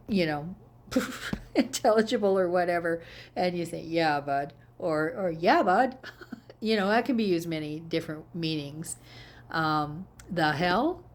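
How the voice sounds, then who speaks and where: An Albertan Canadian woman talks at an easy, slow pace in a lowish voice, rambling through casual vlog chat with plenty of fillers. A faint hum of room noise sits behind her. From Edmonton, Alberta, Canada. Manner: chatty, rambling, fond of filler and self-corrections. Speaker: vlogger.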